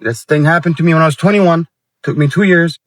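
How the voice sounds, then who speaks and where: A man's voice: on the high side, a little fast, no echo. A man in his late twenties ranting casually and heatedly to his viewers, with lots of swearing and slang. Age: 20s. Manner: heated, profane, slangy talk. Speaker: vlogger. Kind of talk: casual rant to camera.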